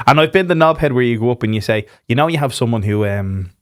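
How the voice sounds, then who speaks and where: A podcast host and musician chats casually at a quick pace, his medium-pitched voice full of lively intonation. He tells stories with acted-out quotes and swears plenty. The recording is dry and studio quality.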